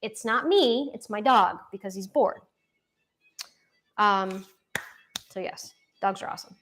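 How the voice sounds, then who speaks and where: A woman's voice: fairly high pitch, a bit bright, slight background noise. Chatty young woman on a home livestream. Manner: chatty, rambling, frequent restarts and fillers; swears casually, self-deprecating humor. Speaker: livestream host. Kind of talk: casual livestream chat. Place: at home with her dog. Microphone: laptop.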